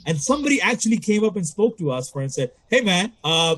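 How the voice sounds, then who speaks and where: A young man from the Toronto area tells a long story in a loose podcast chat. His voice is bright and sits a little high. He swears freely, laughs mid-sentence and leaps way up in pitch when he acts out the punchlines. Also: sing-song, quick pace, hardly any pauses. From Canada, Toronto area. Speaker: podcast co-host telling a story.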